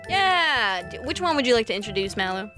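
A woman's voice: a little high, sing-song, a little fast, pushed and bright, faint music behind. A young woman co-hosting a podcast, chatting casually and teasing her co-host playfully. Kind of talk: casual chat.

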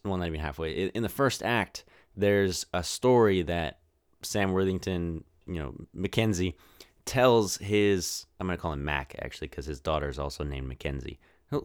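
A man's voice: low-pitched, smooth, no room sound, studio quality. A man hosting a podcast, giving a casual, rambling movie review with lots of restarts. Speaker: podcast host.

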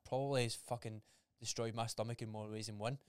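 A man's voice: mid-range voice, steady tone, quick pace, darkish tone, clear, resonant tone, no room sound, studio quality. A young man in a casual podcast chat, blunt and swearing freely, acting out remembered conversations. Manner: blunt, swears freely, acts out quoted dialogue. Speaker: podcast co-host.

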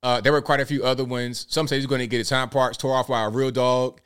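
A male host of a live commentary show, talking in an animated way and firing off rhetorical questions. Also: mid-range voice, fast, smooth.

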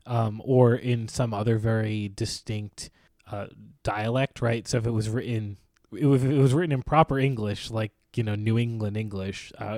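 A man's voice: medium pitch, darkish tone, no room sound, studio quality. A man talking casually about a novel, eager, with hesitant restarts. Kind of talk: casual book club discussion.

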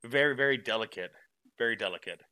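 A man's voice: mid-range voice, quick pace, pushed and bright, dry recording, poor audio. A man hosting a podcast, telling rambling, self-deprecating stories in casual chat. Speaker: podcast host.

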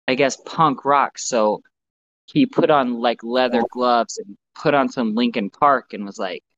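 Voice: medium pitch, measured pace, fairly bright tone. A podcast co-host in casual chat, giving blunt, profane, rambling opinions, recorded with slightly muffled audio.

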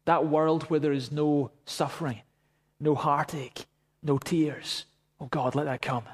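A man's voice: on the high side, fairly even intonation, measured pace, breathy edge. A man preaching a sermon, telling a story and then praying fervently. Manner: storytelling, rising to fervent prayer. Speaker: pastor.

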